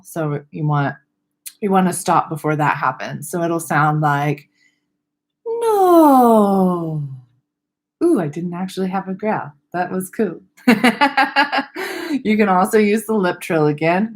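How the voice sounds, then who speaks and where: Low-voiced young woman teaching voice exercises. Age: young adult. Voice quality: slight vocal fry at ends of sentences. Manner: friendly, loose, laughs at herself, demonstrates vocal exercises. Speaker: speech therapist. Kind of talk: casual online teaching webinar.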